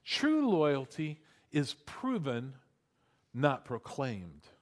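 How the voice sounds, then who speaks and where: A man preaching a sermon, telling stories with lively acted-out quotes and emphatic repetition. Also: medium pitch, extremely slow. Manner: animated storytelling, acting out quotes. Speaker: pastor.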